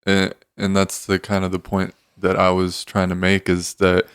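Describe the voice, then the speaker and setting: A man, co-hosting a casual podcast, speaking slowly and haltingly. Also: sits low, monotone, smooth, no echo, studio quality. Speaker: podcast co-host.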